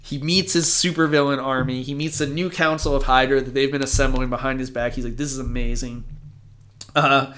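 A man co-hosting a podcast, recapping a comic in casual, animated talk, swearing and acting out the characters in quick voices. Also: mid-range voice. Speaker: podcast co-host.

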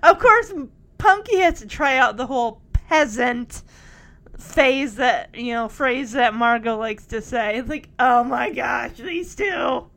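Woman, young adult, high voice, casual episode recap, giggly, chatty. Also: measured pace, fairly bright tone. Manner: chatty and giggly, many fillers like "like". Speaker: show recap host.

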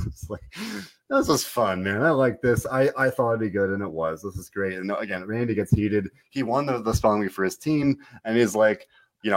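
Rambling animated man recapping wrestling. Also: lowish voice, brisk. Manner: rambling, animated, self-interrupting. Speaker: podcast host. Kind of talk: casual wrestling recap chat.

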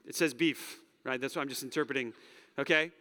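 A man's voice: medium pitch, fairly quick, in a large hall. A man preaching a sermon in a casual, conversational way, acting out the quotes he reads. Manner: animated, conversational, acts out quotes, drops to soft near-whisper. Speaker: pastor.

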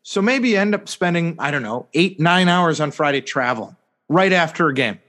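A man's voice: a little high, lively intonation, fairly quick, a bit bright. A man co-hosting a casual sports podcast, rambling through a sarcastic story full of fillers and mock-serious "hypothetically" asides. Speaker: podcast co-host.

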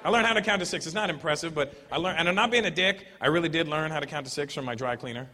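A man doing a loud, animated stand-up comedy set, breaking into put-on voices between jokes. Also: on the high side, very fast. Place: comedy club stage. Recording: roomy hall, noisy live crowd. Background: audience laughter.

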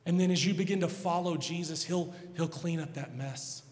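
A man's voice: fairly high pitch, normal speed. Preaching pastor, man, echoing hall. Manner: swings from hushed pleading to loud emphatic preaching. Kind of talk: sermon. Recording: long hall reverb.

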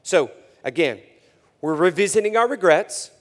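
A man preaching a sermon as pastor, conversational with frequent fillers and self-corrections, swinging between loud emphasis and hushed delivery. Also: high voice, lively intonation, normal speed, long reverb tail.

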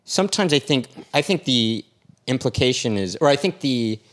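A young man co-hosting a casual podcast chat, jokey, quick to disagree and cut in. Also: mid-range voice, expressive, fairly bright tone. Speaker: podcast co-host.

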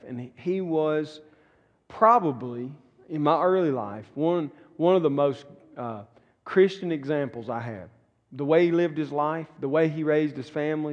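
Earnest Southern pastor in an echoey room. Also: male voice, on the high side, a little mellow, muffled recording. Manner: earnest, folksy, repeats words and restarts. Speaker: pastor teaching a class. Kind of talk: conversational teaching talk. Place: church classroom. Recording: long reverberant room echo.

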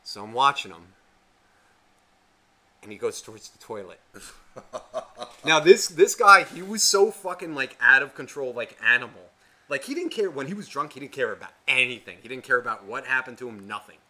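A man co-hosting a podcast, telling a rambling story in casual chat, profane and animated. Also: medium pitch, normal speed. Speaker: podcast co-host.

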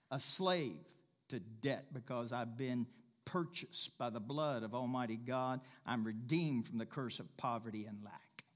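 Bright-voiced preacher man, emphatic. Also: mid-range voice. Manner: emphatic, rising to shouted exhortation; folksy, conversational asides. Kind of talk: sermon.

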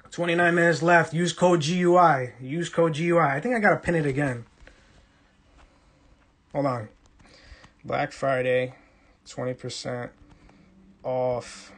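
A man's voice: fairly high pitch, a bit bright. A young man from Brooklyn, casually hosting a livestream, reading the chat and teasing viewers playfully. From Brooklyn, New York.

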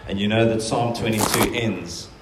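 A man's voice: on the low side, fairly even intonation, normal speed, very noisy. A man preaching a sermon, earnest and emphatic, often voicing quotations in a stronger tone. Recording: very echoey room.

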